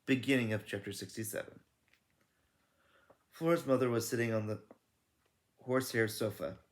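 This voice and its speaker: A man reads a children's chapter book aloud in a relaxed, unpolished way. He stumbles and corrects himself now and then. His voice sits in an ordinary middle range. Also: medium pitch, normal speed. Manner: casual, self-correcting. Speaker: read-aloud narrator.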